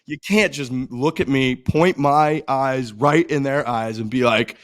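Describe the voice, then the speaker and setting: A man's voice: mid-range voice, a little slow. A man co-hosting a podcast, telling a story loosely with frequent laughs. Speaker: podcast co-host. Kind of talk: casual chat.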